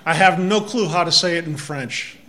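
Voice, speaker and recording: A man's voice: on the high side, moderate pace, sharp tone. A man with a Massachusetts accent preaching a sermon, reading scripture refrains and talking in a conversational way. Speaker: pastor.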